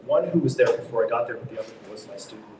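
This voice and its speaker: A man's voice: mid-range voice, expressive, racing. A middle-aged man, an acting teacher and director, explaining his craft in a casual live talk show interview, thoughtful and emphatic when he demonstrates stressed words. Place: underground market stage. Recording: echoey public space, distant mic, faint noise.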